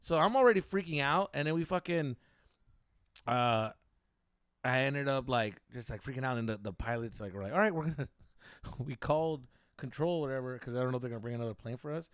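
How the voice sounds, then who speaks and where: Young male podcast co-host, mid-pitched, casual and profane, dry studio mic. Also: fairly quick, smooth, no echo. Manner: profane, animated, rambling with many fillers. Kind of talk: casual storytelling chat.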